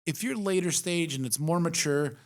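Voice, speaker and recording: A male investor co-hosting a casual podcast. He talks frankly and animatedly, swearing freely, and his voice sits a little higher than typical for a man. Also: moderate pace. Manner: frank, profane, animated storytelling. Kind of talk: casual chat.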